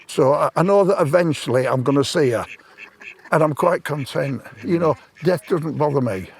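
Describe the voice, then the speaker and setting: Sitting on an outdoor park bench, a stranger in his seventies rambles plainly through a long story from his own life. He speaks at a moderate pace in a slightly rough voice that sits a little high.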